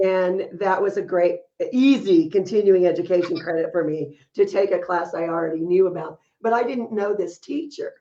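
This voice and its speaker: A woman's voice: fairly low pitch, normal speed, hardly any pauses, dark tone, dull audio. A woman co-hosting a podcast, telling stories in casual chat and laughing often as she talks. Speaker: podcast co-host.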